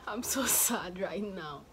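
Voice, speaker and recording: A young woman talking casually to her viewers in a home vlog. Her voice sits at an ordinary middle pitch and she laughs often, restarting her sentences as she goes. She speaks close to a handheld phone. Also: background noise. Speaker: vlogger.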